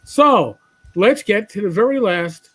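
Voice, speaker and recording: A man's voice: high voice, expressive, a little slow, fairly bright tone, husky, low-quality recording. A man from New York with a New York accent, co-hosting a casual live-stream chat and reading out comments. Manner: chatty, trailing off and restarting, reading out comments. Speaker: co-host.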